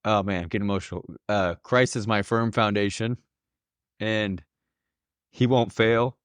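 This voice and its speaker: Earnest man with a low voice. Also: fairly even intonation, unhurried, smooth, no room sound. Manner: earnest, emotional, laughs often. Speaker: podcast host, new father. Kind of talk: casual podcast chat.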